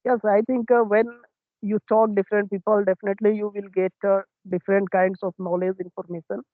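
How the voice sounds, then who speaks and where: A man's voice: high-pitched, little pitch movement, a little fast, no echo. A man with an Indian accent, hesitantly asking questions in a casual English practice conversation. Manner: hesitant, many filler uhs, agreeable. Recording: tinny, phone-like, dry.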